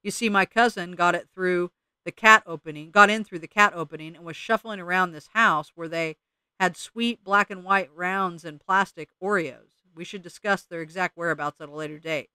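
A chatty, jittery opossum , as a man voices him, rambles on eagerly in a slightly raised, bright voice. It is a storybook reading with a crisp, dry sound. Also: high-pitched, normal speed, no room sound.

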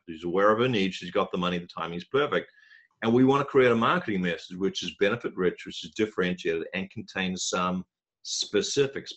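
Presenting a marketing webinar, a man with a low voice tells a story and acts out its dialogue, frequently clearing his throat.

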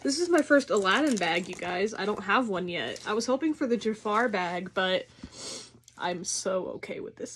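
A woman vlogger chatting casually through an unboxing, gushing and excitable, with some casual swearing. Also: mid-range voice, moderate pace, slight background noise.

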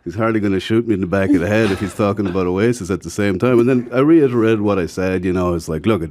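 Man, Irish accent, low-set voice, candid storytelling guest. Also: fast. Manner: frank, animated when quoting others. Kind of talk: casual storytelling.

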